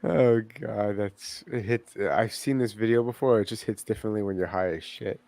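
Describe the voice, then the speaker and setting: A man's voice: fairly low pitch, normal speed, gravelly, dark tone, no echo. A man co-hosting a podcast, chatting casually and reacting to clips in a laid-back way with mumbled asides. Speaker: podcast co-host.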